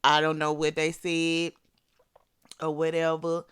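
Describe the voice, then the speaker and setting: Sassy Alabama-accented recapper, smooth voice. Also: medium pitch, slow pace, no room sound, studio quality. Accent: Southern US, Alabama. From Birmingham, Alabama. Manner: animated and sassy, laughing often, slangy. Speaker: reality TV recap commentator. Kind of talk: casual commentary.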